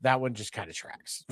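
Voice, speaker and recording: A man's voice: medium pitch, no room sound. A man hosting a casual sports podcast, rambling along with lots of fillers and restarts. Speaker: podcast host.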